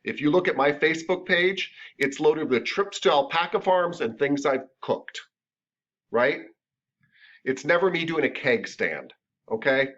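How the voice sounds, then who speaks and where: Chatty, joking massage instructor, lo-fi. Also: male voice, a little high, lively intonation, unhurried, fairly bright tone. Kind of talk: casual classroom lecture. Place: classroom. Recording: dull lo-fi lecture recording.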